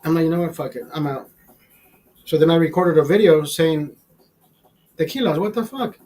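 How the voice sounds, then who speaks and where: A man's voice: on the high side, fairly even intonation, a little fast, warm tone, faint music behind, low-quality recording. A man of fifty, a show host, telling a rambling story in casual chat, swearing a lot and sounding exasperated. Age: 50s. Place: small studio.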